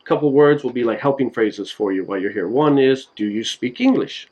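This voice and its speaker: A man casually explaining simple phrases in a home video lesson, relaxed and slow, with many fillers. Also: mid-range voice, husky, low-quality recording.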